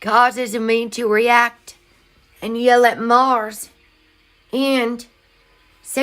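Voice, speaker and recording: High-voiced woman, slow and heartfelt. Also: little pitch movement. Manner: earnest, heartfelt, drifting into soft singing. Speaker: vlogger sharing grief healing. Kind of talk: emotional spiritual monologue. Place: home, in her child's room.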